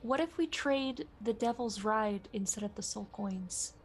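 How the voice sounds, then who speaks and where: A woman's voice: on the high side, a little slow, breathy edge. Chatty woman, a game player. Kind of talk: casual tabletop game chat.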